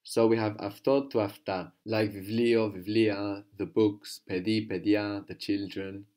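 A man's voice: on the low side, fairly even intonation, measured pace, darkish tone. A man teaching a language one-to-one, prompting his student with questions and brief praise.

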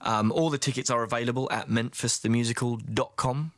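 A man chatting as a guest in a radio studio interview, self-deprecating and quick to laugh. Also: mid-range voice, fairly even intonation, dry recording. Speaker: singer and actor, guest. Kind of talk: casual radio interview chat.

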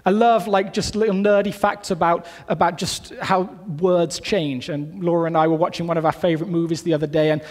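A man preaching a sermon in a relaxed, conversational way, full of asides and restarts. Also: on the high side, a little fast, few pauses, in a large hall. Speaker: pastor. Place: church sanctuary.

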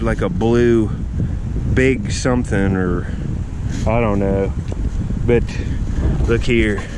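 A man's voice: fairly low pitch, background noise. A man with an Ohio accent, chatting casually to his pet squirrel and viewers while digging for antique bottles at an old dump. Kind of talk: casual vlog narration. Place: outdoors at an old dump site.

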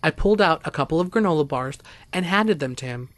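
Male narrator, higher than average pitch, steady read, dry close mic. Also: fast talker, no room sound. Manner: steady, even storytelling, voicing quoted speakers. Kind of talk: first-person story narration.

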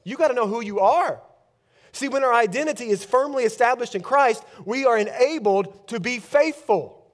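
A man preaching a sermon as pastor, shifting between fervent declarations and quiet, intense emphasis. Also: very high voice, normal speed. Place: church.

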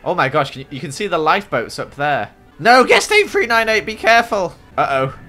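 Animated man reacting to a game. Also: high-pitched, fairly quick, soft background music. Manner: animated, exclaims and gasps often, dramatic reactions. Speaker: gaming YouTuber. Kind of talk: excitable gameplay commentary.

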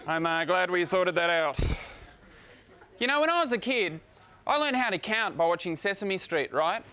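A young Australian man doing a stand-up routine on stage, with dry, deadpan jokes. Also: sits high, moderate pace, clean tone. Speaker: stand-up comedian. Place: comedy stage before a live crowd.

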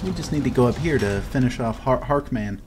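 A man's voice: mid-range voice, animated, brisk. Profane joking young man playing a game. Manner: profane, joking, easily frustrated. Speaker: gaming video host. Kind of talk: casual gameplay commentary. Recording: audible background noise.

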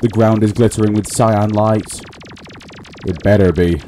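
A man's voice: fairly low pitch, steady tone, measured pace, over music. A man giving casual let's-play commentary, muttering a running narration of what he does to himself and his viewers. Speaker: gaming channel host.

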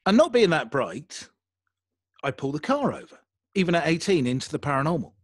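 A young adult English man telling a story in a casual interview, animated and self-deprecating. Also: fairly high pitch, a little fast, no room sound, studio quality. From England. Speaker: podcaster guest.

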